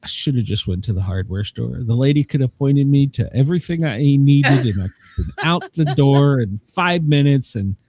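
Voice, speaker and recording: A man's voice: mid-range voice, animated, moderate pace, darkish tone, no echo. A man hosting a podcast, chatting casually, rambling and joking with frequent laughs. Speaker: podcast host. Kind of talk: casual chat.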